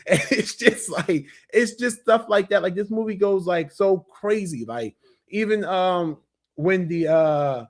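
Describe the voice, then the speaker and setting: Chatty man with a higher voice. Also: expressive, measured pace. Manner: chatty and enthusiastic, many fillers and restarts. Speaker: movie reviewer. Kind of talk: casual spoken review.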